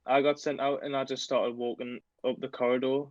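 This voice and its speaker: A young man, co-hosting a podcast and telling a school story in a halting, loose way full of fillers. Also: mid-range voice, flat delivery, dry recording. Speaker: podcast co-host. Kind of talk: casual storytelling chat. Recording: dry, dull lo-fi sound.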